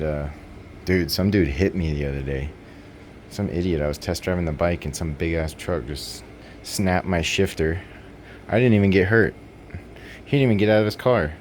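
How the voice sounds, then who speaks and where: A man's voice: low voice, darkish tone, a little hiss or hum. A young man ranting in a rambling, profane, exasperated way as host of his own motorcycle vlog. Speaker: motovlog host.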